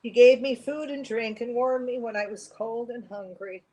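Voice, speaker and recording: Solemn mysterious stranger, calm and otherworldly read by a woman. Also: a little high, moderate pace, close to an everyday voice. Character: serene mysterious divine male stranger.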